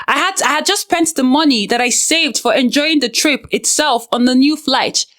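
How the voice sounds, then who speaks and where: A young woman with a high voice talks straight to the viewer, coaching them through painful feelings. She is earnest and direct, with frank personal asides woven into her advice. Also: normal speed, a bit bright. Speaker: self-help video host. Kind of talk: direct-to-camera advice talk.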